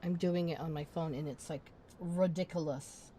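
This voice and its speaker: A woman's voice: low-pitched, steady tone, fairly quick, warm tone, husky. A woman game streamer in casual live-stream chat, ranting in exasperation, swearing and repeating herself.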